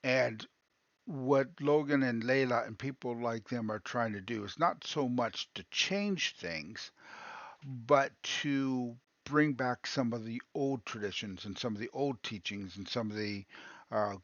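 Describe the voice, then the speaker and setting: A man hosting a livestream, talking casually to his chat in a halting way with many pauses and restarts. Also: mid-range voice, a bit bright, dry recording. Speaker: livestream host. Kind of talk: casual talk to a live chat. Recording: dull, dry lo-fi stream audio.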